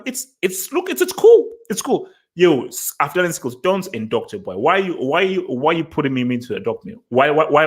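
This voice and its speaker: Excitable man rambling through football analysis. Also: medium pitch. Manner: excitable, rambling, many restarts and repeats. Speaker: livestream host. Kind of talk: casual live football post-match analysis.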